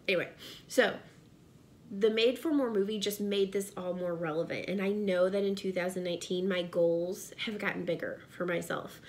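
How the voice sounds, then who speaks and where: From her home office, a pregnant woman who runs a vlog and works in direct sales speaks straight to her audience, earnest and casual. Her voice is medium in pitch and moderate in pace, and a bit of hiss or hum sits underneath.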